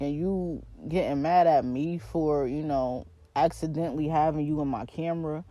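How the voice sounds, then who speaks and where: A woman's voice: low voice, normal speed, few pauses, dry recording. Slangy young New York woman ranting. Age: 20s. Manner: slangy, animated, talks straight to listeners. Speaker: podcast host. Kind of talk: casual storytelling rant.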